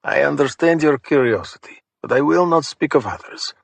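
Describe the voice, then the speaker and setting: A man's voice: on the high side, vocal fry, husky, dry recording. Man putting on a polite old Russian ex-mobster. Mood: polite, guarded. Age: older. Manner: measured and courteous. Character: older male Russian ex-mobster, polite and dignified.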